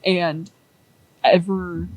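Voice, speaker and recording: A woman's voice: lowish voice, little pitch movement, drawn-out words, a little mellow, a little hiss or hum, rough recording. A woman rambling through a story in casual chat, with lots of "like" and acted-out quotes. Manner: rambling, many "like"s, acts out quoted characters.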